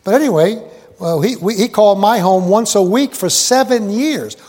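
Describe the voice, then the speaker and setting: A high-pitched male preacher delivers a wandering, joke-laced sermon in a big hall. His talk is folksy and full of asides, and he keeps quizzing the congregation. A long reverb trails every phrase. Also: normal speed, a little mellow. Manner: folksy, digressive, quizzes the audience. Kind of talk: rambling sermon with jokes and asides. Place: large hall with live congregation.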